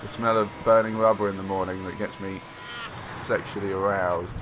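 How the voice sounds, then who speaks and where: A man casually commentating his own racing game play, excitable, joking and rambling. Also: low-pitched, normal speed, noisy background. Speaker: games journalist playing and commenting.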